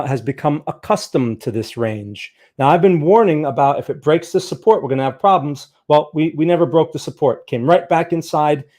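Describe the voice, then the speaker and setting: Man, fairly high voice, live-stream trading talk, conversational, keeps asking "right?", emphatic. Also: a little mellow. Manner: emphatic, urging viewers to look at charts. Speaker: market trader and streamer. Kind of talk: live-stream chart analysis.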